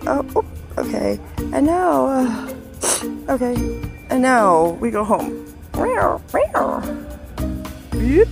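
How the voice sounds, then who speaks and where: A woman's voice: a little high, expressive, slow, creaky, long pauses. A woman vlogging outdoors with a handheld phone, cooing playfully at a stray cat in baby talk. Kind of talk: casual talk to a cat while filming. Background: background music.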